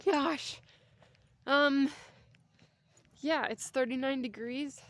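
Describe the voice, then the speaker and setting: A woman's voice: high-pitched, extremely slow, dry recording. A young adult woman vlogging outdoors on a cold winter walk, talking in a rambling, chatty way with jokey asides. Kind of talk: casual walking vlog.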